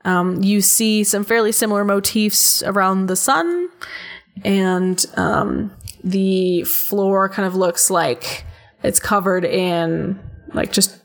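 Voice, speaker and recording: A woman narrating a tabletop game as game master, unhurried and playful, often laughing between descriptions. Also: mid-range voice, vocal fry.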